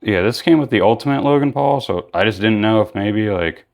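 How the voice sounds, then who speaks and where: A man's voice: fairly low pitch, fairly quick, gravelly. A tired man chatting casually through a toy unboxing, rambling with lots of fillers and self-corrections. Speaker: toy reviewer.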